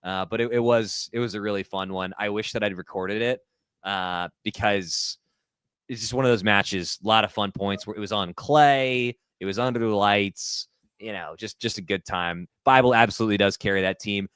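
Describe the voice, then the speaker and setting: A man's voice: lowish voice, normal speed, fairly bright tone, smooth, no echo. A man co-hosting a live tennis stream who also plays doubles, chatting in an easygoing way and fond of puns. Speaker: co-host and doubles player. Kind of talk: casual live-stream chat.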